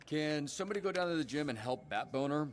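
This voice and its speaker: A man's voice: fairly high pitch, lively intonation, fast, a little hiss or hum, close to an everyday voice. An actor playing an exasperated male team manager in a video game, with a dry, weary way of talking.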